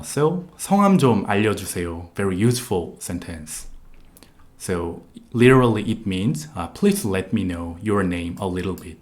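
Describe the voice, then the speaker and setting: A man's voice: low voice, darkish tone. A man with a Korean accent, a native Korean speaker, teaching a live online language lesson with patient, repetitive explanations and frequent "uh" fillers.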